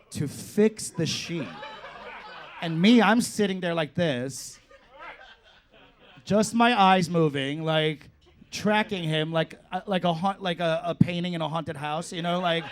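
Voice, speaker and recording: A man doing a stand-up comedy set in a club, telling a story with animated delivery, acting out his own reactions and laughing through lines. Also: a little high.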